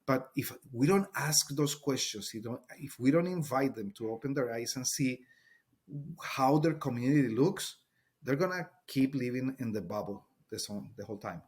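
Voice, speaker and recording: A man's voice: medium pitch, expressive, moderate pace, a little mellow, slightly rough. Colombian man speaking English earnestly. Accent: Colombian Spanish. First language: Spanish. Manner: earnest, emphatic, searching for words. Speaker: Spanish teacher and guest. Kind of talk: podcast interview.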